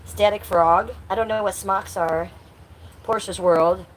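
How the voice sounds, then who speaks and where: A woman's voice: medium pitch, steady tone, unhurried, slight background noise. A woman in her fifties hosting a casual livestream, reading chat aloud and cursing at rude commenters. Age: 50s. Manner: blunt, swears at rude chatters; sing-song baby talk to her cat. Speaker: livestream host.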